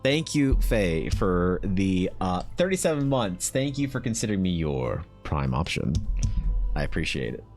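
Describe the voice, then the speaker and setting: Excitable Canadian man, low voice. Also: moderate pace, soft background music. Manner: excitable, swears a lot, mock-exasperated at chat. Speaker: artist streamer. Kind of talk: casual livestream chat while drawing.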